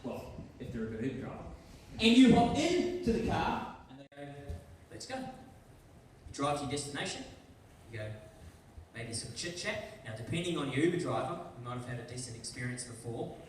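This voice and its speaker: A man's voice: medium pitch, big pitch swings, normal speed. Chatty New Zealand man in a hall. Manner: chatty, acts out scenes in little voices. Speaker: guest speaker. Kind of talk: school worship talk. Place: large school hall. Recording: echoey hall from far off.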